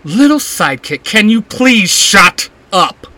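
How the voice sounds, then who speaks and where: A man's voice: on the high side, lively intonation, a little slow, a bit bright. A man voicing a cold, mocking female villain who speaks through a young man's body, talking down to everyone in a storybook reading. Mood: taunting. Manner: taunting, condescending.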